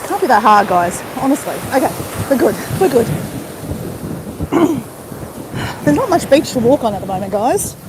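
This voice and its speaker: Walking on a beach at high tide, a woman with an Australian accent chats with her live-stream viewers in a fairly high, sing-song voice, measured and with long pauses. Wind and surf fill the noisy phone recording.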